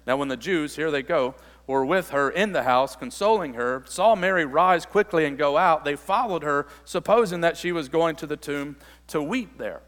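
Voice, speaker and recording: Pastor preaching in a reverberant hall. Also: male voice, fairly high pitch, moderate pace, few pauses, fairly bright tone. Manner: expository, reads scripture then explains, builds to emphatic peaks. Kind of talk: sermon.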